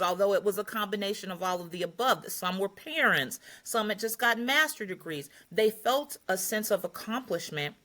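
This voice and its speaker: An older woman tells her story on a podcast with a very animated, swooping voice. Her tone is bright, and she acts out quoted lines and laughs often as she goes. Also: medium pitch. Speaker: podcast guest, retreat host. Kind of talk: casual interview storytelling.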